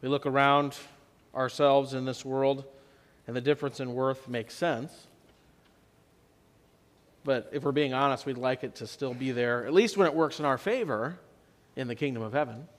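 A man preaching a sermon as pastor, telling the story in a conversational way and swinging between loud and soft for emphasis. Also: medium pitch, moderate pace. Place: church sanctuary. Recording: long church reverb.

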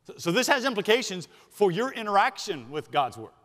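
A Southern-accented male pastor preaches a sermon in a high voice, pressing on key words and slowing them down for weight. He hurries through his asides. His voice rings out with the long reverb of a church sanctuary. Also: big pitch swings, a bit bright. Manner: emphatic, slows for stress, then rushes asides. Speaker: senior pastor.

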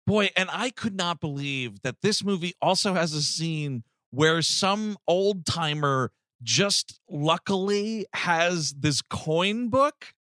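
Bright animated podcast host. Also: male voice, fairly high pitch, takes it slowly, hardly any pauses, dry recording, studio quality. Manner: animated, swearing, acts out movie lines. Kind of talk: casual comedic movie discussion.

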